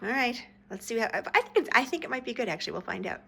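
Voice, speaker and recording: A woman's voice: on the high side, sing-song, very fast, creaky, bright, forceful tone, slightly rough. A woman co-hosting a casual chat, chatty and explaining things as she goes. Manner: chatty, explaining their routine. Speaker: co-host. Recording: noisy background.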